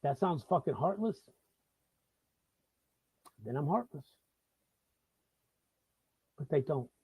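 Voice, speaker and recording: A man's voice: fairly high pitch, expressive, takes it slowly, dark tone, husky, dry recording. A middle-aged man from the Bronx with a New York accent, hosting a live talk-show monologue, swearing freely and repeating himself in heated bursts. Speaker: host.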